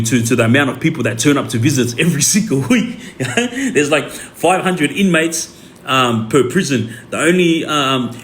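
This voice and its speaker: A man's voice: mid-range voice, a bit bright, a little hiss or hum. Australian man rambling on a livestream. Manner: rambling, many fillers and repeats. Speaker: livestream host. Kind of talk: casual livestream talk.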